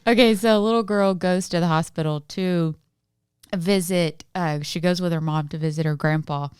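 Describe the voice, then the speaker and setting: Lively woman co-hosting a podcast. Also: on the low side, normal speed, clean tone, no echo, clean studio sound. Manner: laughs often, animated joke telling. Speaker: podcast co-host. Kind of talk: casual chat, telling jokes.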